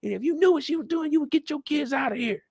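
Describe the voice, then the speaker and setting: A man voicing a furious, foul-mouthed middle-aged mother who yells and curses in shrill outrage. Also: lively intonation, fast talker, creaky, no room sound, clean studio sound, exaggerated voice.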